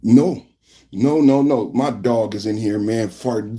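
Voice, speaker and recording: A man from San Francisco hosting a live political podcast, talking loudly and animatedly as he reads out the chat. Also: on the low side, takes it slowly. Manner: loud and animated, reading chat aloud. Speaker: podcast host. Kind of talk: live-stream political commentary.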